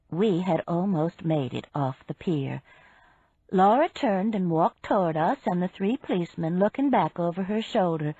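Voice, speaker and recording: A woman narrates a mystery audiobook in a husky voice, unhurried and expressive. Her pitch moves a lot and she takes her time. The recording is dry and dull, like lo-fi. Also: dry recording.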